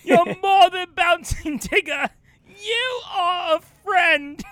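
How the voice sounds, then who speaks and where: A woman's voice: extremely high pitch, takes it slowly, a bit bright, no echo, pitched above the performer's own voice, full character voice. A woman playing an overdramatic male actor in an improvised comedy bit, wailing every line with tearful, theatrical melodrama. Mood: melodramatic. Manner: wailing, over-the-top melodrama.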